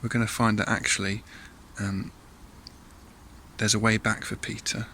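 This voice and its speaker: A man's voice: lowish voice, little pitch movement, moderate pace, sharp tone, slight background noise. A man leading a church all-age talk, telling a Bible story in a chatty way with asides to listeners and acted voices.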